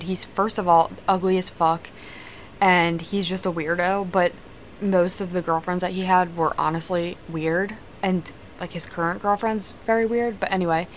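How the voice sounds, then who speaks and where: A woman's voice: on the low side, slight background noise. Candid, foul-mouthed young woman storyteller. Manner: candid and profane, casual run-on storytelling. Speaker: podcast host. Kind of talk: personal storytelling podcast.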